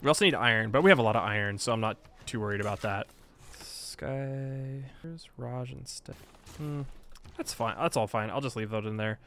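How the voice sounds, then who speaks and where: A man's voice: mid-range voice, normal speed, fairly bright tone, soft background music. A man giving casual let's-play commentary on a strategy game, playful and self-mocking, laughing often. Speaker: gaming video creator.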